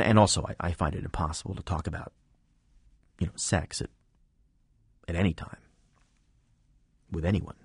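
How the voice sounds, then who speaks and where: A man's voice: fairly low pitch, slightly rough, no room sound, clean studio sound. A man reading his scripted radio commentary with wry, self-deprecating humor.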